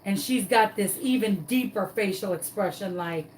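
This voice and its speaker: A woman's voice: mid-range voice, moderate pace, far from the mic, a little hiss or hum, low-quality recording. A woman, a crafting vlogger telling a dramatic story while she works on a craft tutorial.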